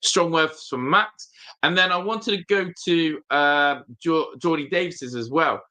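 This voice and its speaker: A man's voice: fairly high pitch, measured pace, sharp tone. A man hosting a casual football fan stream, talking straight to viewers, emphatic and often repeating his phrases. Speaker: football fan channel host.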